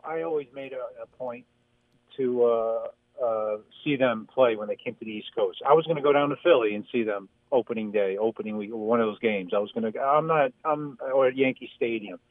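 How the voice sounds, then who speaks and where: A man calling in to a sports radio show, talking in a halting way with many restarts. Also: mid-range voice, no echo. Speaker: caller. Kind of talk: casual call-in chat. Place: New York City. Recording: phone-like caller line.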